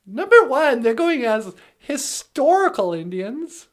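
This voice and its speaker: A woman's voice: sits high, sing-song, measured pace. A woman delivering a comedic rant in a sarcastic, mocking way, laughing often. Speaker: comedic commentator.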